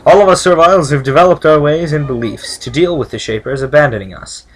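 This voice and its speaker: A man reading the lines of a proud, wary male village leader from a game in a measured, formal way. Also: fairly high pitch, pitched above the performer's own voice, lightly acted. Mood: solemn.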